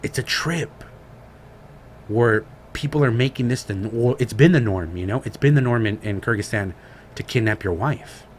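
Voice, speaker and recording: A man's voice: mid-range voice, normal speed. Man, podcast co-host, casual storytelling, slangy and profane, faint background hiss. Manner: slangy, profane, animated retelling.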